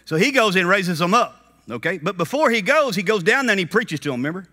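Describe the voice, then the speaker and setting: A man preaching a dramatic sermon at a conference, swinging from quiet asides to shouted peaks and often checking in with the crowd. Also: sits high, sing-song, quick pace. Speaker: conference speaker.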